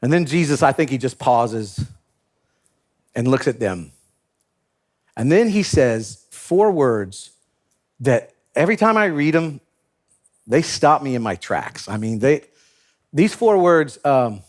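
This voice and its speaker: A man preaching a sermon in an animated way, laughing often and acting out the disciples in comic voices. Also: mid-range voice, slow pace, long pauses. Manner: animated, acts out biblical characters with comic voices. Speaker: pastor.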